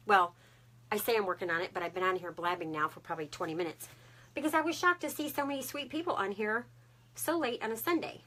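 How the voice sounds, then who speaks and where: A woman's voice: mid-range voice, sharp tone. A woman, chatting to viewers on a craft live stream and greeting them by name. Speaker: craft livestream host.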